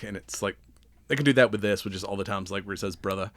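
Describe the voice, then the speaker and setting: Laid-back low-voiced podcast guy. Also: steady tone, fairly quick, a bit bright, no echo. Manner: laid-back, rambling recaps with frequent laughs. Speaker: podcast co-host. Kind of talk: casual chat.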